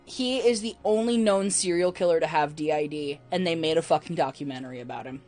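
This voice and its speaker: Profane, animated woman podcast co-host. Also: low-pitched, fairly quick, faint music behind. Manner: profane, animated, bursts into laughter. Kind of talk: casual chat.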